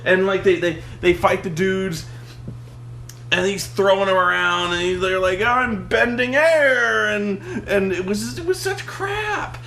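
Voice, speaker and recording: A man's voice: sits high, animated, measured pace, gravelly, a bit bright, a little hiss or hum. A young man on a casual vlog, ranting about a film with lots of swearing and mocking, acting out scenes in silly voices. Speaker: vlog co-host. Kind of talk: animated casual movie rant.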